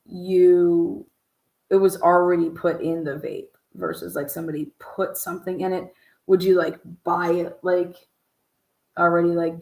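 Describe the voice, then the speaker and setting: A woman's voice: on the low side, vocal fry, a little mellow, roomy sound. A woman host giving mocking, profane reaction commentary, swearing and laughing in disbelief. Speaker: podcast host reacting to a clip.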